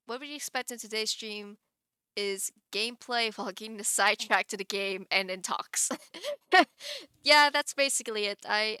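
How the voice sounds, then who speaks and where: A woman's voice: mid-range voice, pushed and bright, clean tone, dry recording, studio quality. A woman streamer chatting casually on a live stream, giggling often and rambling with many restarts.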